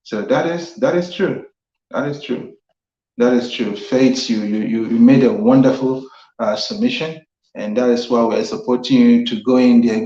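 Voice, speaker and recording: A man's voice: mid-range voice, darkish tone. A Nigerian man hosting a civic talk show, earnestly explaining the constitution and repeating phrases for emphasis. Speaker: host. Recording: roomy, slightly dull sound.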